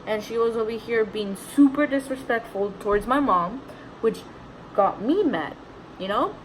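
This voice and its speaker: A woman's voice: mid-range voice, lively intonation, a little slow, fairly bright tone, slight background noise, rough recording. Indignant young woman telling a story. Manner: indignant, chatty storytelling with many "like"s. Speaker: vlogger. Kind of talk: story time, casual retelling.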